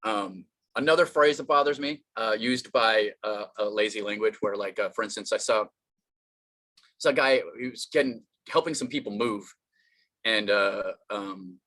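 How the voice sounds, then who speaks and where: Bright-voiced rambling stand-up comic man. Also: on the low side, normal speed. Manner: rambling, self-deprecating, many fillers and restarts. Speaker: stand-up comedian. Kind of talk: online stand-up set.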